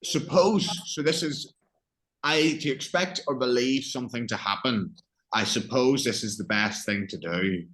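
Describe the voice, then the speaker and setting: This is an English-accented man teaching a lesson at a very unhurried pace. His voice sits at an ordinary middle pitch, and he explains each word patiently in simple terms. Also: fairly bright tone, low-quality recording.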